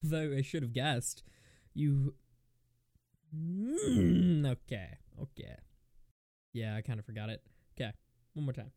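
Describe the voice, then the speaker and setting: A woman's voice: moderate pace, long pauses, darkish tone, slight background noise. A woman recording an amateur audio drama, cracking up and apologizing between flubbed takes. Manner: giggly, easily cracking up, swinging in pitch. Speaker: voice actor in a fan audio drama. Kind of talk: casual blooper chat between takes.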